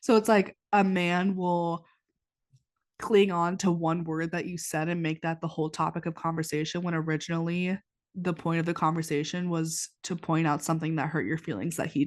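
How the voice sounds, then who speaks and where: 20 y/o girl podcasting, lower voice, stuffy nose, rambles w lots of like. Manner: rambling, heavy use of "like", frequent restarts. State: stuffy nose after crying. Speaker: podcast host. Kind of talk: casual confessional chat. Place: indoors, warm room.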